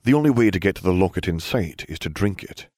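A man's voice: sits low, lively intonation, fast talker, darkish tone, dry recording, clean studio sound. A man voicing an old, scheming male headmaster wizard with a genial, grandfatherly manner. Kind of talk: fan fiction audiobook reading.

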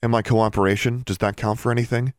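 A man's voice: medium pitch, steady tone, quick pace, no room sound, studio quality, pitched above the performer's own voice, lightly acted. A man reading an audiobook, voicing a defiant, guarded teenage witch girl in a raised, strained tone. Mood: tense, wounded.

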